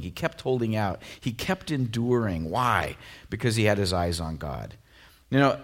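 A man delivers a sermon in a conversational way, leaning on "you know" and "like" as he goes. His voice sits on the lower side, and he sounds animated. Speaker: pastor. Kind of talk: casual sermon.

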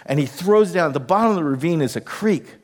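Middle-aged male pastor, higher voice, animated comic storyteller. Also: fast talker. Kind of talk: storytelling sermon.

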